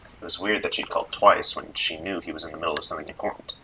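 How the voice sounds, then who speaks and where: Deep-voiced man reading a visual novel. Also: steady tone, fast, creaky, background noise. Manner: reads narration expressively, then chats casually. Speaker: let's play narrator.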